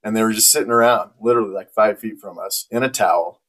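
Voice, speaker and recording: A man's voice: fairly low pitch, fast talker. A man in his forties in casual conversation, telling stories with frequent laughs. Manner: animated storyteller, laughs often. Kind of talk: casual chat.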